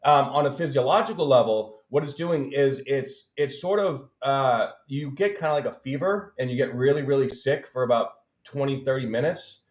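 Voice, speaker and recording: Man, mid pitch, earnest explainer, lots of "um" and "right?", roomy echoey sound. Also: normal speed, hardly any pauses. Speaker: guest healer. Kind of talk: casual interview chat. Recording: roomy echo.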